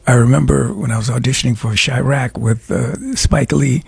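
An older man hosting a radio show with a raspy voice, talking casually and rambling with chuckles and fillers. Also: medium pitch, moderate pace. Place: radio studio.

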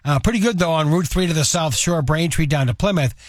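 A man giving a radio traffic report in a rapid, matter-of-fact rundown. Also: fairly high pitch, no room sound.

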